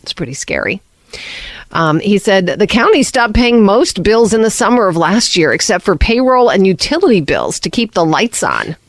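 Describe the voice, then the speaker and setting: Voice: mid-range voice, sing-song, normal speed, dry recording. A radio host reading the morning news and weather in a chatty way, with many asides and fillers. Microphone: studio microphone.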